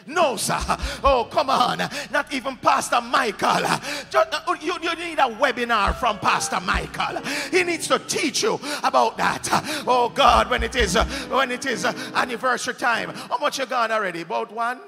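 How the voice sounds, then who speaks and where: Fiery Jamaican preacher over loud music. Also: male voice, very high voice, expressive, normal speed, gravelly, hardly any pauses. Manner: shouting, exhorting the congregation with bursts of song. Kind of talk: fiery sermon. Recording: music playing loudly behind.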